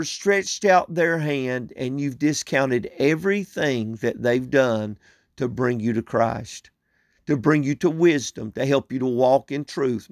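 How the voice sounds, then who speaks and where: Male preacher with a deliberate, unhurried pace and a dry sound; earnest and pleading, leans on repetition. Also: fairly high pitch, dry recording. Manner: earnest, pleading, repeats phrases for emphasis. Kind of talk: expository sermon.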